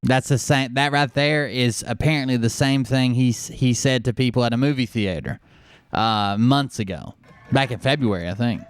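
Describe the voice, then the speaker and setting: A man's voice: medium pitch, moderate pace, smooth. A man hosting a show, giving casual, mocking commentary on clips. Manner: mocking, sarcastic.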